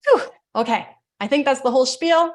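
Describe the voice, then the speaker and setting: Leading a live breathwork workshop on a video call, this woman speaks quickly when she explains things and shifts to a slow, calming delivery as she guides each breath. Her pitch is medium.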